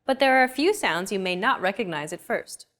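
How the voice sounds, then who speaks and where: A woman reads a scripted language lesson as its host, measured and clear in her explanations. Her voice sits at an ordinary middle pitch. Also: animated, fairly bright tone. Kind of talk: scripted narration.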